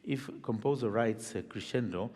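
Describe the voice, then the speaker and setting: A man's voice: on the low side, normal speed, a little mellow, breathy edge. A man teaching a violin master class in a conservatory hall, explaining earnestly and singing phrases in syllables. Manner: sings phrases in syllables between instructions; earnest, imagery-rich explaining.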